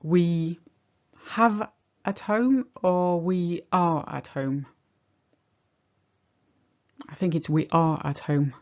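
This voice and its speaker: Slow, patient woman teaching a lesson. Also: fairly low pitch, lo-fi sound. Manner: patient, explains step by step. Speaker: French teacher. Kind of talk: language lesson.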